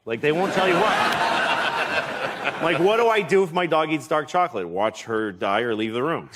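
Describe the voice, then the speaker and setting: A man who is a comedian, telling a comic story as a guest on a TV talk show. He is animated and self-mocking and laughs as he talks. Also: a little high, normal speed, very noisy.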